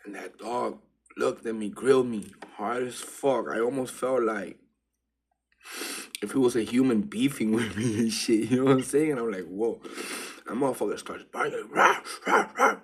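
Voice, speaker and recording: Husky man telling a street story in slang. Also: medium pitch, moderate pace. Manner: loose street slang, drifts between hushed and excited. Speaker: vlogger. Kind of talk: casual spiritual storytelling monologue.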